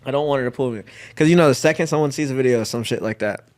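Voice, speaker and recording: A man's voice: medium pitch, rapid-fire. A young man from the United States, a guest athlete in a casual chat, telling stories in a laid-back, slang-heavy way with easy laughs.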